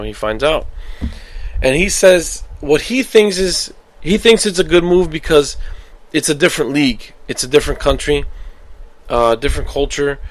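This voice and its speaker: Rambling man hosting a sports podcast. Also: medium pitch. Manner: rambling, self-correcting, swears when worked up. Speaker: podcast host. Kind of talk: casual solo sports talk.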